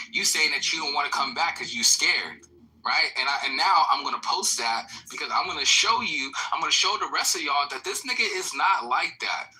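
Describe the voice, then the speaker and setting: A man's voice: mid-range voice, pushed and bright, a little hiss or hum, low-quality recording. A man in a heated audio chat room, taunting and cursing aggressively. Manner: aggressive, taunting, heavy profanity.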